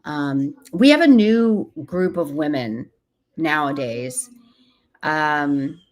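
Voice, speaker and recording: A woman's voice: sits low, lively intonation, slow pace. A woman speaking as an interview guest, earnest and emphatic, sometimes acting out what other people say. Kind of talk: casual interview talk.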